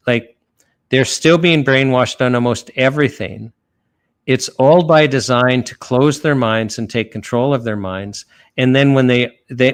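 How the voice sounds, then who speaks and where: Earnest man retelling a parable. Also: mid-range voice. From Canada. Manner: earnest, retells a parable with many restarts and fillers. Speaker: lawyer guest. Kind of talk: conversational podcast talk.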